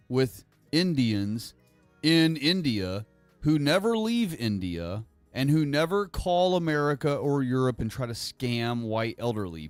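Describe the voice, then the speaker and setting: A man's voice: medium pitch, dry recording. Rambling man streaming, dry close mic. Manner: rambling, halting, repeats himself. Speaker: livestream host. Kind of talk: casual livestream monologue.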